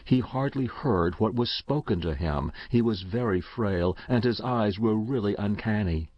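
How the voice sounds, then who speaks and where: A man narrating a short story aloud in an expressive, measured reading. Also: on the low side, no echo. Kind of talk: audiobook reading. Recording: dull, dry recording.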